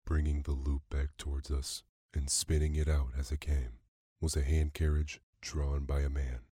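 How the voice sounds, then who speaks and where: A man narrates a classic story for listeners dozing off, keeping a calm, even pace. His voice is extremely deep and mellow, with almost no melody. The recording is close and dry. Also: normal speed, breathy edge, dry recording. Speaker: podcast narrator. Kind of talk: bedtime story reading.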